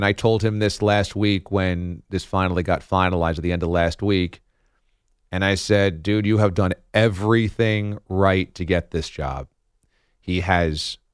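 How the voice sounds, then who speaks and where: A man hosts a sports talk radio show from the studio. His speech is chatty and he laughs often. His voice is smooth and clear, recorded dry. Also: lowish voice, no echo.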